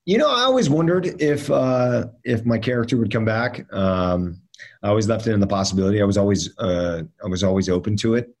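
A man with a somewhat low voice shares anecdotes as a guest in a casual interview. He talks haltingly, full of fillers, repeats and restarts. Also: a little mellow. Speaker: actor guest.

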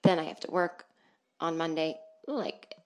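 A woman with a low, darkish voice speaks unhurriedly as she hosts her comedy podcast from a small soundproof booth. It's a casual comedic monologue: rambling, self-deprecating, and full of free swearing.

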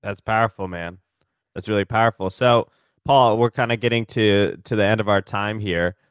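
A male podcast host speaks in an earnest, reflective tone. His voice is on the low side. The recording is dry, with no room echo. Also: fairly even intonation, normal speed, clean tone. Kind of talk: casual podcast chat.

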